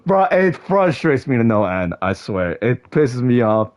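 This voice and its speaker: A young man streaming casually to his viewers, excitable, often shouting in mock frustration and peppering his talk with slang. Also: mid-range voice, measured pace. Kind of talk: casual livestream chat to viewers.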